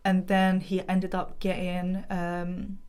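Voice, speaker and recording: A young woman tells a painful family story on a podcast. Her voice sits a little low for a woman. She talks in long, earnest, winding runs full of fillers. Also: monotone, slow, a little mellow, clean tone. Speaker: guest. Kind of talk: emotional personal testimony.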